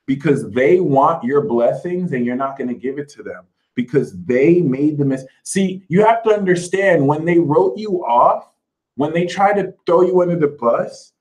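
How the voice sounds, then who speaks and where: A man's voice: fairly high pitch, expressive, normal speed, a little mellow, low-quality recording. Sassy, emphatic man giving astrology advice. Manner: sassy, emphatic, mocks imagined critics in put-on voices. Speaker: astrology reader. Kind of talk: spiritual advice monologue.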